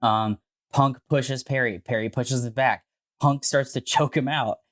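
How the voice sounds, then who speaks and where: A man co-hosting a podcast, telling a story in a casual, animated way with frequent swearing and filler words. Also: mid-range voice, measured pace. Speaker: podcast co-host.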